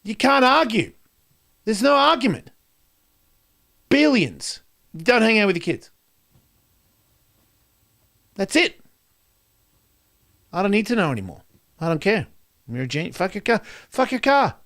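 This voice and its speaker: A man's voice: high voice, sing-song, measured pace, long pauses. Ranting profane man doing stand-up. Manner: profane, ranting, swings loud and soft. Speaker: comedian. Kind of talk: stand-up rant.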